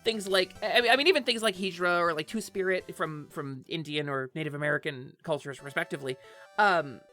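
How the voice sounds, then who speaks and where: A woman's voice: fairly low pitch, brisk, sharp tone, soft background music. A woman streamer chatting casually and animatedly on a live stream, swearing offhand and laughing often. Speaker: Twitch streamer.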